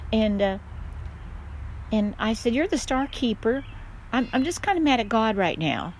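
An older woman, a mother, chatting casually and telling stories in a lively way, often laughing. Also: on the high side, moderate pace, slight background noise. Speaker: guest, mother. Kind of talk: casual chat.

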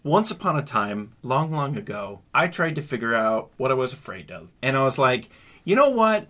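A man co-hosting a casual podcast, telling a story in an animated, profane way. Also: medium pitch, normal speed. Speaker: podcast co-host.

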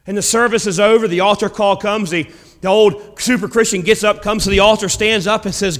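A man preaching a sermon, dramatic, swinging between loud emphasis and hushed lines. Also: sits high, steady tone, fairly quick, long reverb tail.

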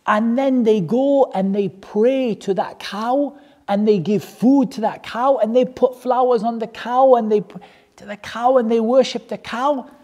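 A religious teacher telling a story to a class, animated and joking, asking many rhetorical questions. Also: mid-range voice, a little slow.

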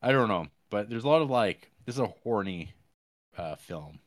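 A man with a fairly low voice, talking close to a dry mic with no room sound. He co-hosts a podcast, recapping a film's plot in a casual, halting ramble full of fillers and crude asides. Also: animated, no echo. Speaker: podcast co-host. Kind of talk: casual movie review chat.

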